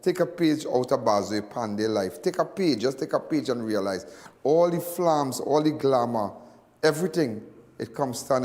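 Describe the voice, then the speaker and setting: A man's voice: medium pitch, darkish tone, big-room sound. A man with a Trinidadian accent hosting a live news show, talking in a rambling, repetitive way in local dialect. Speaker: host of a crime news show. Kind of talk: emotional live commentary.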